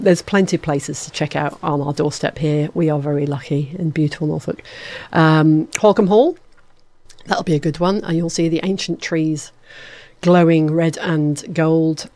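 A woman's voice: sits low, a little mellow, no room sound. A woman presenting a lunchtime radio show in a studio, chatty and playful, joking at herself. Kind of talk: casual radio chat.

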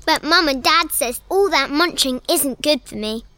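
A woman voicing a cheeky child snack monster in a scripted radio ad, bright and playful. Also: sits high, normal speed, a little hiss or hum.

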